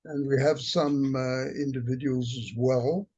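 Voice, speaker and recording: A man on a video call telling a relaxed anecdote, with hesitant fillers. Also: medium pitch, a little slow, slightly rough, lo-fi sound. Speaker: community member. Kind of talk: casual storytelling.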